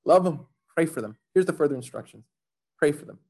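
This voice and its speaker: A man's voice: fairly high pitch, lively intonation, a little fast, darkish tone, breathy edge. A man voicing the Lord, casual and firm. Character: the Lord, speaking casually and plainly.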